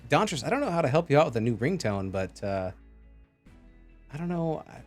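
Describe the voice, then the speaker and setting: A man's voice: fairly high pitch, sing-song, fairly quick, soft background music. A man casting a live esports match, chatty and joking as he reads out chat messages. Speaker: esports caster.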